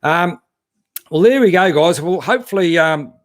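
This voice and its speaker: A man's voice: high voice, animated, normal speed, no room sound, studio quality. An Australian man hosting a casual live stream about four-wheel driving, chatting in a laid-back, matey way with lots of fillers as he reads out viewer comments. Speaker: 4WD channel host.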